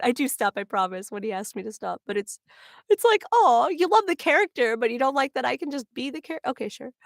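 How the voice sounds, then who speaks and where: Woman, casual stream chat, frequent laughs, higher pitch, dry sound. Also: a bit bright, dry recording. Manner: chatty, laughing often, many "like"s. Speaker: voice actor. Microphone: own microphone.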